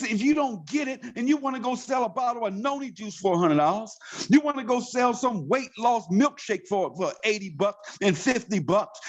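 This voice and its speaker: A man with a drawl delivers a revved-up pep talk, hammering his point with question after question. His voice sits remarkably high for a man. He sounds like a leader rallying his team. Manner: fired-up, preachy, repeats rhetorical questions. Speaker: network marketing leader.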